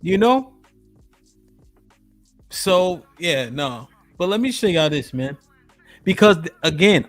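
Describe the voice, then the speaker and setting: A man with a fairly high voice talks in loose, slangy live-stream commentary and shouts out chat viewers by name. Faint music plays behind him. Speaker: streamer host reacting to a video.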